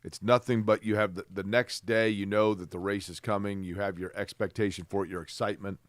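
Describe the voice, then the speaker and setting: A man's voice: fairly low pitch, fairly even intonation, fairly quick, dry recording. A man co-hosting a sports podcast, easygoing and playfully fussy. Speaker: podcast co-host. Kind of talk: casual sports chat.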